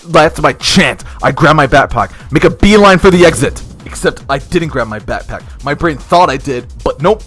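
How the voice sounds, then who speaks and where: A young man telling a slangy, animated story-time tale of office drama, swinging between loud bursts and hushed asides. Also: fairly high pitch, normal speed, husky, faint music behind.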